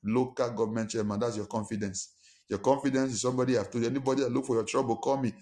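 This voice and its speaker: A man's voice: medium pitch, fairly even intonation, very fast, darkish tone. A male pastor delivers a sermon in a mid-range voice. He preaches emphatically and fires one rhetorical question after another. He acts out quarrels in a raised voice. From Nigeria.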